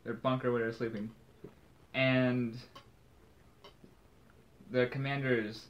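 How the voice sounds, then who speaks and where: A man's voice: mid-range voice, flat delivery, takes it slowly, long pauses. Man casually recapping a comic. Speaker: podcast co-host.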